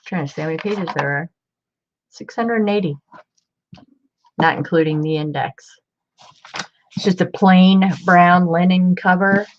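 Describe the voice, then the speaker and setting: A woman in a relaxed live-stream book show-and-tell, rambling from one book to the next and calling out hellos to viewers. Her voice sits a little low and she takes her time. The recording sounds dull and muffled. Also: measured pace, pauses often, slight background noise. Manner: chatty and rambling, greets viewers by name.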